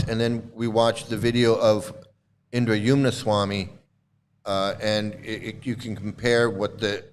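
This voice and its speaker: A man's voice: fairly low pitch, a little hiss or hum. A man hosting a livestream and ranting to his chat in heated, indignant commentary, often repeating himself. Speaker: livestream host.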